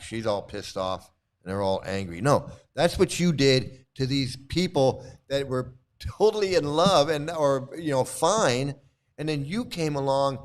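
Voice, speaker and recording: A middle-aged man hosting a casual commentary, rambling and repeating himself, blunt and swearing. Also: medium pitch. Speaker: channel host and cult critic. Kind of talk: casual commentary on a screen post.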